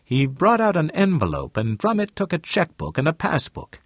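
With fairly high pitch and lively intonation, a male audiobook narrator reads scripted text at normal speed. The recording is dry and studio quality.

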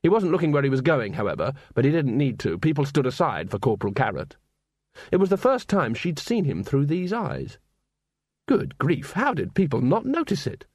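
A man narrating a novel as an audiobook in a measured, expressive way. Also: mid-range voice, breathy edge, no echo. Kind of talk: scripted narration. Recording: dry close studio sound.

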